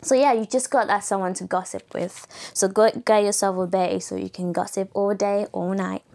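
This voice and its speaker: Raspy young woman chatting. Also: medium pitch, fairly even intonation, moderate pace, a little mellow. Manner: chatty, playful, laughs often, filler-heavy. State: voice going raspy. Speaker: podcast host. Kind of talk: casual solo podcast chat.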